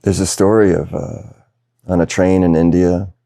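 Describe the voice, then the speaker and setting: A man with a deep, gravelly voice leads a satsang as a spiritual teacher. He speaks slowly and thoughtfully, pausing often and laughing softly now and then. His tone is dark and mellow, recorded close and dry. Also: little pitch movement, no room sound. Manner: slow, reflective, with soft laughs and pauses. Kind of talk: satsang talk. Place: video call session.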